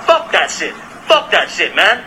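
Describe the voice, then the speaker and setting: A man's voice: sits high, very animated, unhurried, bright, forceful tone, a little hiss or hum, rough recording. Angry, profane man with a piercing voice. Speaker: delivery worker. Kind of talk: heated street confrontation. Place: outdoors on a residential street.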